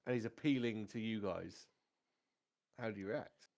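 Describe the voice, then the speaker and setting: A man, narrating a tabletop game as game master in a relaxed, chatty way. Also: fairly low pitch, a little slow.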